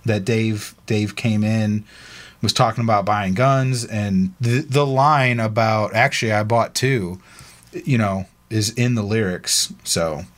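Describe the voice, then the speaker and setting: A man's voice: lowish voice, slow. A man co-hosting a casual podcast, laid-back and chatty, reading a listener's email aloud with asides and laughs. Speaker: podcast co-host.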